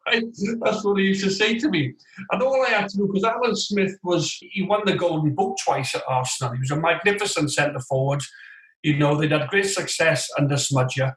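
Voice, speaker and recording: Man, 40s, ex-player guest, animated raconteur, slightly high voice, echoey room. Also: fairly quick. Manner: animated, tells stories with lively quoted voices. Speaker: guest, former footballer. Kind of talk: casual interview storytelling. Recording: roomy echoey room sound.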